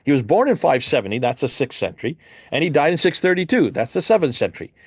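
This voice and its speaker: Animated man lecturing with rhetorical questions. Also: fast, slightly rough, no echo, studio quality. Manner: emphatic, rhetorical questions, animated swings in pitch. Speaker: Christian apologist presenter. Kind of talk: lecture presentation with slides.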